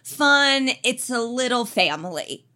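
Loud, animated woman co-host. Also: a little high, takes it slowly. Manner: loud, animated storyteller who acts out quotes. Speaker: podcast co-host. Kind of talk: casual comedic chat.

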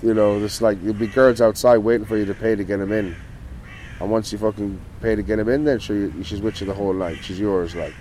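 An Irish man with a lowish voice tells a story in loose, casual talk. He rambles from one thing to the next and swears constantly. There is a faint hiss of noise in the background. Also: steady tone, fairly quick, a little mellow, rough recording. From Ireland. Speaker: interview guest.

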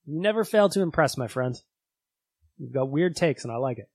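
A man's voice: on the high side, lively intonation, fairly quick, darkish tone, slightly rough, no echo. A man from Canada hosting a podcast in casual, chatty talk, laughing easily. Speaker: podcast host.

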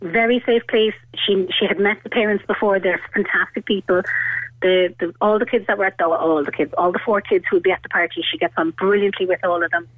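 A woman's voice: medium pitch, fairly even intonation, a little fast, dry recording. An Irish woman in her thirties rambles through a personal story, her talk full of little fillers. Her voice comes down a tinny, narrow phone line. The sound is dry and close. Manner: chatty and rambling, full of "like" and "you know". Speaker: radio caller. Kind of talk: telling a personal story on a call-in show.

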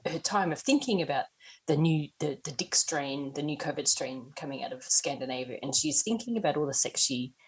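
A woman's voice: deep voice, lively intonation, a little fast, slightly rough. A woman co-hosting a casual, joking book chat and laughing often. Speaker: podcast co-host.

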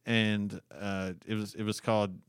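A man's voice: fairly low pitch, flat delivery, a little slow, smooth, no room sound, clean studio sound. A man co-hosting a podcast in casual chat, ranting and swearing, exasperated. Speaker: podcast co-host.

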